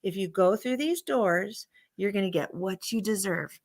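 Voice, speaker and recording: A woman's voice: medium pitch, animated, unhurried. A woman voicing a frail old woman from a fairy tale who begs for help with her chores. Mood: ominous. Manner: quavering, helpless, begging for help.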